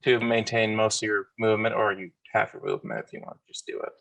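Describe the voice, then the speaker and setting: A man running a tabletop game as game master, giving rulings in a relaxed, matter-of-fact way. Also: on the low side, fast talker, creaky.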